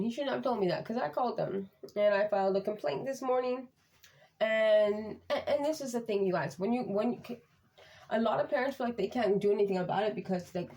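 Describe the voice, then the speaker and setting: A woman's voice: medium pitch, a little mellow, a little hiss or hum. A woman vlogging as a parent, talking frankly and rambling with many fillers in casual talk to camera.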